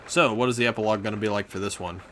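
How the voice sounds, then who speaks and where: A man's voice: on the low side, fairly even intonation, rapid-fire, noisy background. A young man giving casual, chatty commentary while playing a video game, with laid-back asides. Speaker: let's play gamer.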